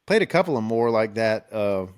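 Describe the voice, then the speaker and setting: A man's voice: normal speed, clean tone. Laid-back man telling road stories. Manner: laid-back, excitable, acts out quotes with raised pitch. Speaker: country singer and podcast host. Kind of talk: casual storytelling.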